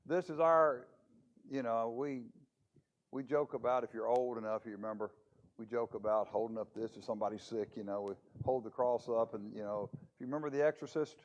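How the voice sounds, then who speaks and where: A man's voice: medium pitch, steady tone, brisk, highs cut off. A man preaching a conversational Bible lesson in church, with a chatty manner full of rhetorical questions. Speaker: preacher teaching a Bible class.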